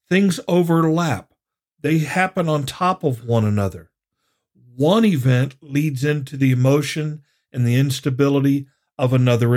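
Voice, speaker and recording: A man teaching through scripture in a sermon-style Bible study, his voice sitting at an ordinary middle pitch. He explains in a measured, deliberate way and reads passages aloud.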